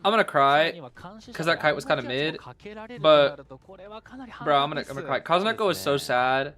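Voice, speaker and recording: A young male streamer gives excitable, casual live commentary on a tournament match, cheering on players and answering chat. His voice is a little high and fairly quick.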